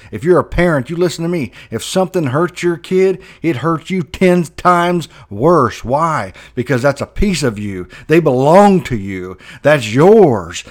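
A man preaching a Bible sermon fervently, voice rising and dropping sharply for emphasis. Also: medium pitch.

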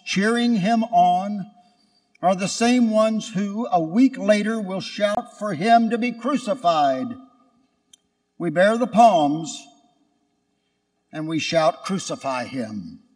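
A priest preaching a Sunday homily and telling a story, earnest and unhurried. His voice sits fairly high, and it carries through a large church with a long, lingering reverb. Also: darkish tone. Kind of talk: sermon with a told story.

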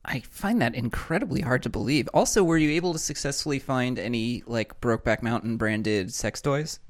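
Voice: medium pitch, brisk. A podcast co-host in casual film chat, making dry, skeptical quips.

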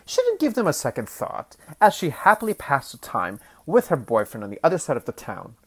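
A woman co-hosting a casual chat, telling odd news stories in a playful, expressive way. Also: deep voice, fairly quick, slightly rough. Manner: playful, expressive storytelling with laughs. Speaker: co-host.

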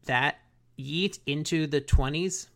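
A man's voice: a little high, takes it slowly, fairly bright tone. A man co-hosting a podcast, recapping an episode in loose, slangy banter full of "like" and "bro". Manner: slangy, laughing, lots of "like" and "bro". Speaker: podcast co-host.

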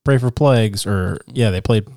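A man with a low voice chats on a podcast in a dry, close-miked sound. He is laid-back and blunt, and he swears freely as he talks about live shows. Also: moderate pace, a little mellow, dry recording. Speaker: podcast co-host. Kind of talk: casual chat.

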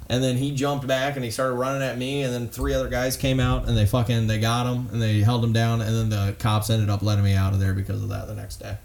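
Profane rambling man telling a story. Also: medium pitch. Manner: profane, rambling, laughing through his story. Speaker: guest comedian telling a story. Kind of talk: rowdy podcast storytelling.

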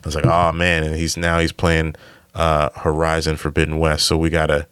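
A man's voice: a bass voice, monotone, moderate pace, fairly bright tone, smooth, dry recording, studio quality. A man hosting a casual podcast, a stand-up comic who rambles and corrects himself with many fillers.

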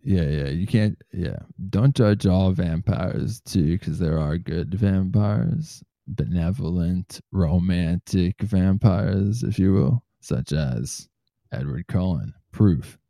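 Low gravelly laid-back man. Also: slow pace, warm tone, dry recording, clean studio sound. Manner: laid-back, swears freely, reads news quotes aloud. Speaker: podcast host. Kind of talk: casual comedic chat.

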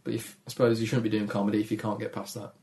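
List: man, Dudley accent, gravelly deep voice, shy low-energy manner, casual interview. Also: flat delivery, racing, darkish tone. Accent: Dudley, Black Country. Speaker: comedian guest.

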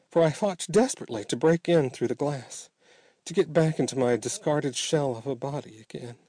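Man telling a dark tale, mellow voice. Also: mid-range voice, no room sound. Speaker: narrator. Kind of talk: audiobook storytelling.

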